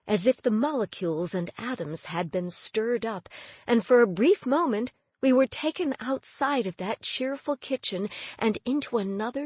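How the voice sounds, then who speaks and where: A woman narrating a novel in the first person with a wry, measured storytelling manner. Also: fairly high pitch, darkish tone, husky, no echo, studio quality. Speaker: audiobook narrator.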